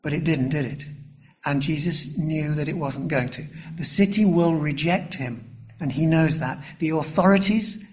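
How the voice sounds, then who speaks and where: A male preacher with a slightly high voice delivers a sermon in a measured, earnest way. He pauses often and restarts phrases as he works through the passage. The recording sounds dull and lo-fi. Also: a little mellow.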